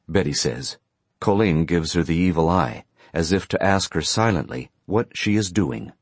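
A man reads a story aloud in a steady, plain way, his voice deep and husky. His pitch still moves in a lively way, and the recording is dry and close. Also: moderate pace, no echo. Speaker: narrator. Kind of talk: audiobook narration.

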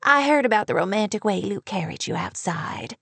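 A woman's voice: medium pitch, expressive, fairly quick, creaky, fairly bright tone, slightly rough, no echo, heavily acted. A prim, curious church secretary fishing for news, as a woman narrator puts her on. Her tone is raised and proper. Dry, close sound. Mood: prying.

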